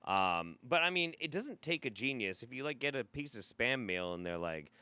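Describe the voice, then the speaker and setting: A man doing live-stream commentary, full of mockery and cursing. His pitch swings widely and his tone is bright and cutting. The sound is dry and close to the mic. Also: very animated, normal speed, few pauses, smooth, no room sound. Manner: sarcastic, mocking, swears freely. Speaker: streamer host reacting to a video.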